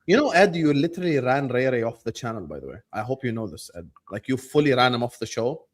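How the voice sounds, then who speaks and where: A man hosting a casual football chat show, joking and teasing his panel between quick shout-outs. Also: medium pitch, expressive. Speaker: host.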